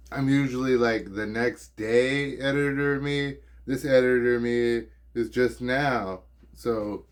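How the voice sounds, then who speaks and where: A man from the United States in a casual vlog monologue, hesitant with a slightly slurred, lazy-lipped way of talking, in his home studio. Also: mid-range voice. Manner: hesitant, lots of ums and likes. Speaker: YouTuber.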